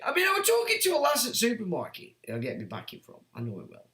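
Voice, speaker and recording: A man's voice: very high-pitched, huge pitch swings, fast talker, sharp tone, reverberant. A man hosting a livestream, reading chat comments and ranting in a blunt, sweary, sardonic way. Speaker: livestream host.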